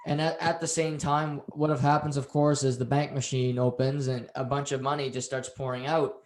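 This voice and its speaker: A man's voice: mid-range voice, normal speed. A man co-hosting a podcast, casually recapping a TV episode and acting out the characters' lines as he tells it. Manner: animated storytelling, acts out quotes. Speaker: podcast co-host. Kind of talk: casual show recap chat. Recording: roomy echo.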